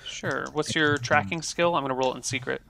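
A man runs a tabletop game with a bright, forceful voice that sits at an ordinary pitch. He narrates scenes in an easygoing, improvised way. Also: fairly even intonation, brisk, gravelly, a little hiss or hum. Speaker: game master.

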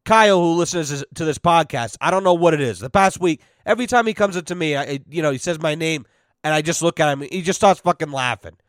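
A man's voice: fairly high pitch, brisk, fairly bright tone, no echo, clean studio sound. A young man hosting a podcast, ranting bluntly and profanely in casual exasperated storytelling. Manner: blunt, cursing, exasperated storytelling with quoted voices. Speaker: podcast host.

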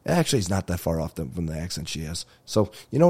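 A man's voice: low-pitched, very animated, quick pace, few pauses, dark tone, husky. A male comedian hosting his own podcast, telling rambling stories with swearing and laughter. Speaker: podcast host. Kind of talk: casual comedic monologue.

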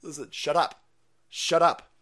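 A man's voice: a little high, fairly even intonation, unhurried, fairly bright tone. A man hosting a livestream, ranting in profane, mocking commentary and laughing often. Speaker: livestream host.

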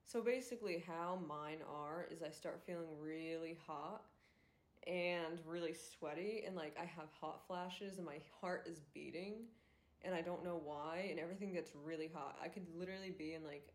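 A woman's voice: fairly low pitch, moderate pace. A young woman hosting a solo podcast, talking candidly and rambling with many fillers. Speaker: podcast host and influencer. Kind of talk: casual solo podcast monologue. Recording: roomy echo.

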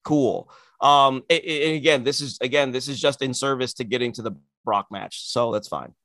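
An opinionated male co-host in casual talk, animated and sarcastic as he argues his point. The sound is dry and close. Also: medium pitch, normal speed, no echo. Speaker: podcast co-host. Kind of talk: casual wrestling chat.

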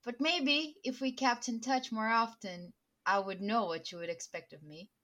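A woman's voice: on the high side, normal speed, fairly bright tone, natural voice. A woman voicing a wary half-elf man in a tabletop game, answering in a stiff, defiant way. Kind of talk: tabletop role-play.

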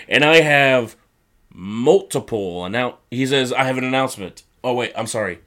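Male podcast co-host, mid-range voice, chatty recap style, animated impressions. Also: moderate pace. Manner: animated retelling, acts out quoted lines in high mock voices. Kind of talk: casual chat.

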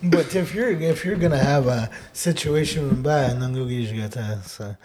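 This Odawa-teaching podcast co-host has a mid-range voice and a moderate pace. He keeps the conversation casual and laid-back, frequently finishing with "eh?", and he grows loud and laughs as he recounts stories.

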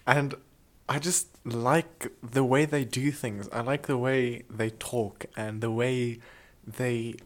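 A man co-hosting a casual comedy podcast, telling stories in an animated, chatty way and slipping into playful impressions. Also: medium pitch, slow pace, hardly any pauses. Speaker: podcast co-host.

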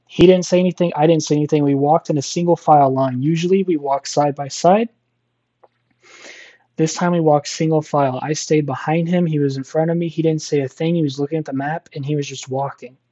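Man, storyteller guest, mellow tone, rambling delivery with fillers, dull lo-fi recording. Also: fairly high pitch, fairly even intonation, brisk. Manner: rambling, many fillers and restarts. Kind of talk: casual spoken storytelling.

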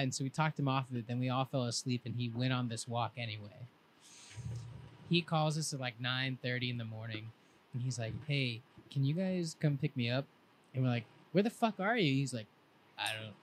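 A young man on a podcast, telling a long rambling story in a casual, laid-back way and quoting his friends in lively voices. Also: mid-range voice, moderate pace, a little hiss or hum. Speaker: podcast co-host.

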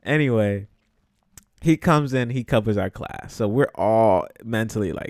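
This young Bronx native, from New York, narrates a casual story as host of his podcast, freely profane and laughing often. His voice is on the low side and his pace measured, in a studio-quality recording with no room sound.

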